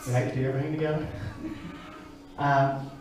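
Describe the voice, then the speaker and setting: A man in his forties preaching a sermon, telling stories in an animated way. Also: mid-range voice, brisk, crowd noise. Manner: animated storytelling, acting out voices. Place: church service. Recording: echoey church hall from far off.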